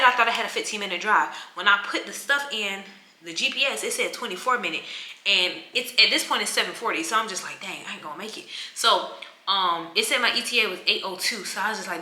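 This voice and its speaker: Bright-voiced woman venting a travel story. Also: mid-range voice, echoey room, slight background noise. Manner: animated, acts out quotes, vents with attitude. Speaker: travel vlogger. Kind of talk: casual storytelling vlog.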